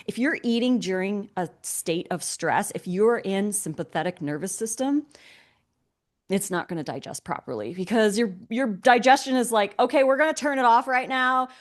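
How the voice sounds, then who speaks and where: A young adult woman speaks casually as co-host of a wellness talk. She explains ideas in an easygoing, conversational way, slowing down on key points and leaning on everyday examples. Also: mid-range voice.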